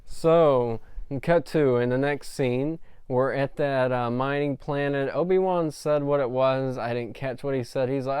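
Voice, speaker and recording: A man's voice: mid-range voice, steady tone, measured pace, a little mellow, clean tone, no echo, clean studio sound. A man reviewing a show episode in a casual, rambling recap with many fillers. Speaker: film reviewer.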